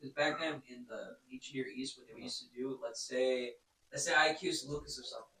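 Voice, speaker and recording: A man adding explanations in a class, talking quickly and eagerly. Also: mid-range voice, fairly even intonation, far from the mic, crowd noise. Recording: echoey room, speaking away from the mic.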